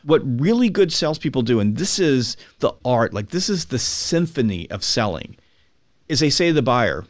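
A man as a podcast guest, explaining with emphatic energy and acting out buyers and sellers in quick quotes. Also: medium pitch, very animated, no echo. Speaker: podcast guest, sales author. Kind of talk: conversational explaining.

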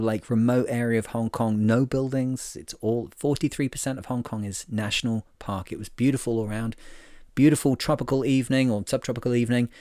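A man's voice: medium pitch, a little mellow, no room sound, clean studio sound. A man hosting his own podcast, talking casually on his own, rambling and joking at his own expense with lots of fillers. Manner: rambling and jokey, with many fillers and self-mocking asides. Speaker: podcast host. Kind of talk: casual solo podcast monologue.

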